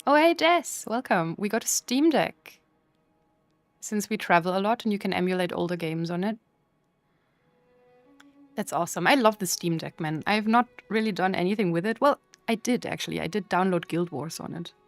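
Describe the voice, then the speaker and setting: A woman's voice: fairly low pitch, lively intonation, moderate pace, no room sound, faint music behind. A woman streamer chatting casually with her live chat while playing, playful and full of mock outrage.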